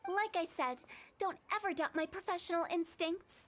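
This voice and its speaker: A woman's voice: very high-pitched, normal speed. A woman voicing a playful, bossy young female funeral director in a video game, teasing and self-assured. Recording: game audio with faint music.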